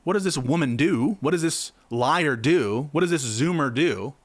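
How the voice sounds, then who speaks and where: A man's voice: fairly high pitch, expressive, moderate pace, no echo. A man giving impassioned political commentary, heated and sarcastic, firing off rhetorical questions.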